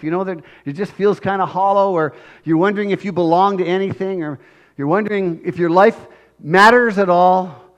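A man preaching a sermon, earnest and conversational, who grows loud and slow when acting out pleas. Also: sits high. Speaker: pastor.

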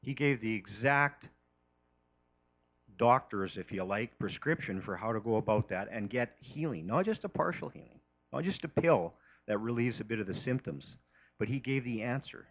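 A man giving an earnest, halting address to a church congregation before communion. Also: medium pitch, animated, muffled recording. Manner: earnest, halting, many restarts. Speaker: church leader leading communion.

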